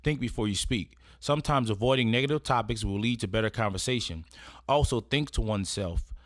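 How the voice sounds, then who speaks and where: Guy doing a chill how-to talk on manners, kinda low voice, dry close sound, keeps going "right?". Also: brisk, dry recording. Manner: conversational, checks in with frequent "right?". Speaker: presenter giving etiquette advice. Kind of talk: casual instructional talk, partly read.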